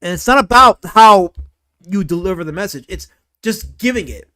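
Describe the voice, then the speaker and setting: A man's voice: high-pitched, lively intonation, normal speed, pushed and bright, clean tone. A man hosting a casual livestream, rambling through comic commentary and reacting to chat with frequent exclamations and swearing. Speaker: livestream host.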